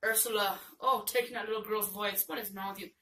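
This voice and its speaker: An older woman with a bright, forceful voice chats excitedly about her gifts, gushing and full of slang, her voice a bit hoarse. She sits a little back from the mic, and faint noise hums behind her at home. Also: medium pitch, quick pace, far from the mic. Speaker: vlogger. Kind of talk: casual vlog chat. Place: home, indoors.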